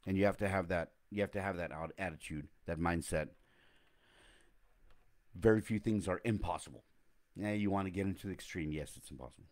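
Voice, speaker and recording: A man's voice: low-pitched, fairly quick, long pauses, darkish tone. A man hosting a casual motivational talk, rambling and reflective, often correcting himself mid-sentence.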